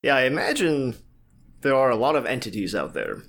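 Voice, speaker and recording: Lively podcast host, man. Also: medium pitch, brisk, gravelly, slightly rough. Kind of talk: casual interview chat.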